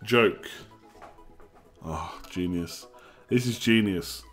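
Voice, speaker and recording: A young man hosts a live stream, chatting casually, cracking jokes and reading messages from the chat aloud. His voice sits low and he draws out his words, with soft music playing behind him.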